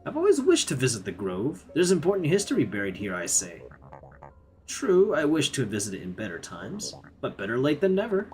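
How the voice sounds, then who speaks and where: A man's voice: mid-range voice, wildly swooping pitch, a little fast, darkish tone, faint music behind. Man putting on a pompous old sea creature. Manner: pompous, formal, ends lines with "I say". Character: elderly male sea creature, stuffy and old-fashioned.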